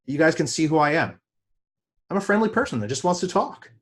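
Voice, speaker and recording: Speaking a little fast, a man gives a seminar talk in the role of a business coach; he's energetic and chatty, and his pitch spikes suddenly with excitement.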